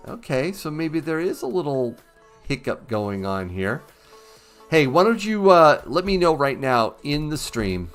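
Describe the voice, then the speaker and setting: A man's voice: mid-range voice, a bit bright. A man hosting a casual livestream, chatting with viewers in an upbeat, easygoing way. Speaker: livestream host.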